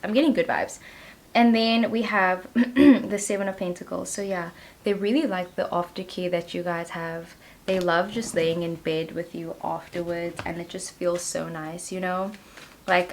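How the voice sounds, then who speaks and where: A woman's voice: fairly low pitch, a little hiss or hum. A woman reading tarot cards for her viewers in a chatty, giggly way, peppering her talk with 'like'. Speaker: tarot reader. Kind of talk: casual pick-a-card tarot reading.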